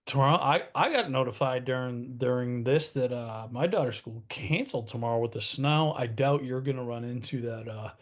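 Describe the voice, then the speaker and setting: A man's voice: medium pitch, normal speed, few pauses. A man in his thirties, co-hosting a webinar, talking in a casual, salesy way with frequent restarts. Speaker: co-host. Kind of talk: webinar talk.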